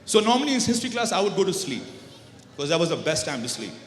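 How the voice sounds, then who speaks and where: A man's voice: fairly high pitch, very animated, rapid-fire. A man from Pakistan doing stand-up comedy, bantering with the crowd and slipping between English and Urdu. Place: large banquet hall. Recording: echoey banquet hall with long reverb.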